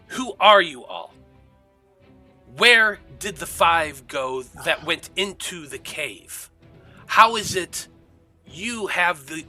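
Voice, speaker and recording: A stern, suspicious rebel leader woman, as a man puts her on, firing off demanding questions in a bright, forceful voice. Her words come slow and weighty, each question pressed hard, over faint music. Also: fairly high pitch, slightly rough, pitched above the performer's own voice, heavily acted.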